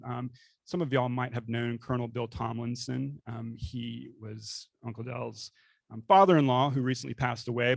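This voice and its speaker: A younger man with a faint Northeast Florida Southern accent gives a conversational slide lecture to a club as a guest speaker, asking for the next slides. His medium-pitched voice has vocal fry, with no room sound.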